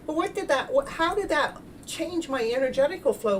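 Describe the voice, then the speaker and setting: Expressive woman spiritual coach, a bit distant. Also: high voice, a little hiss or hum. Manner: animated storytelling, acts out her own past thoughts with loud exclamations; halting, repeats and restarts words. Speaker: self-love coach and spiritual healer. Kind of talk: livestream talk to chat viewers.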